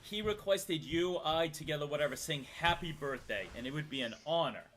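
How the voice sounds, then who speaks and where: A man's voice: on the high side, brisk, a crowd in the background. A man from Massachusetts with a Massachusetts accent, playfully chatting on a livestream and reading donations aloud. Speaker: livestream co-host. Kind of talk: casual livestream chat.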